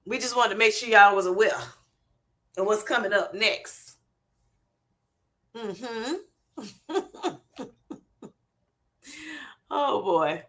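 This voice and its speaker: Speaking very slowly with long pauses, this middle-aged livestream host has an expressive, mid-range, fairly bright voice. She chats casually with viewers over her streaming setup, laughs a lot, and addresses them as honey and y'all.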